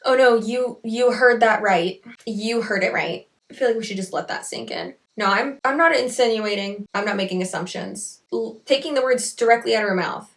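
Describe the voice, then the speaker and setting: A woman's voice: a little high, moderate pace, far from the mic. A young woman giving blunt, casual commentary, often swearing as she talks. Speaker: anti-MLM commentator.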